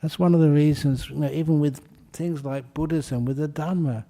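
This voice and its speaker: A man giving a Buddhist dharma talk, explaining with gentle humour and telling a story to make his point. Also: fairly high pitch, fairly even intonation, moderate pace. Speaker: Buddhist teacher.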